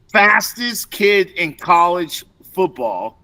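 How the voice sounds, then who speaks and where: Brief: bright, sharp-toned male co-host, unhurried delivery, eager. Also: sits high. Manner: enthusiastic, hesitant fillers. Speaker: podcast co-host. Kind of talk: casual chat.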